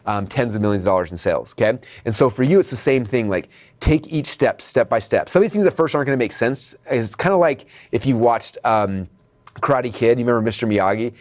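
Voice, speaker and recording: A male coach talks quickly through a video training, his voice sitting in an ordinary middle pitch. He sounds energetic and direct, pushing his viewers to act and asking "okay?" to keep them with him. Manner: addresses viewers as "you guys". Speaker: online business coach.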